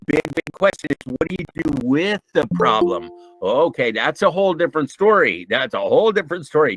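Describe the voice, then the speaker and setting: A man's voice: a little high, fairly bright tone, no echo, poor audio. Emphatic man giving an informal talk. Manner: emphatic and repetitive, restarting sentences; earnest, with frequent ums. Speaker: mental health speaker. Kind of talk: informal talk on emotional intelligence.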